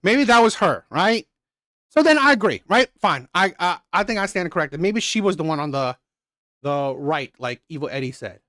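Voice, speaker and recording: A man's voice: sits high, lively intonation, normal speed, sharp tone, dry recording. A man hosting a reaction channel, ranting with heavy profanity and repeating himself. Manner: profane, heated, repetitive.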